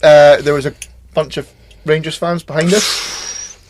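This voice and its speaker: A man's voice: fairly high pitch, little pitch movement, unhurried, no room sound. A Scottish man co-hosting a film podcast, chatting casually and bluntly with plenty of swearing. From Scotland. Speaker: podcast co-host. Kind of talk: casual chat.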